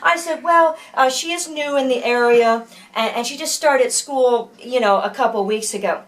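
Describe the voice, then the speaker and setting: A woman's voice: high voice, normal speed, fairly bright tone, slight background noise. Older woman telling a rambling story. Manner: rambling, many fillers and restarts, acts out quoted voices. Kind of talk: casual personal storytelling. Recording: voice from far off the mic.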